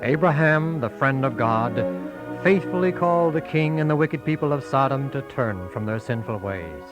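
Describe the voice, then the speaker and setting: Male narrator, lively and dramatic, with clear music underneath. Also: medium pitch. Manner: measured, dramatic. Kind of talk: scripted narration.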